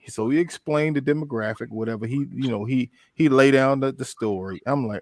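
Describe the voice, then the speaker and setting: A man, hosting a casual podcast chat and telling a lively story, acting out the quotes. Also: brisk, no echo, studio quality. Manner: animated storytelling, acts out quotes with big pitch jumps. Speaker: podcast host.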